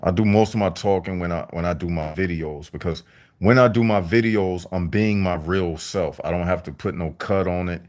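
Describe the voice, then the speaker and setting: A man delivering a deliberate, repetitive, preachy monologue to his viewers on a livestream. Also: deep voice, darkish tone. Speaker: vlogger.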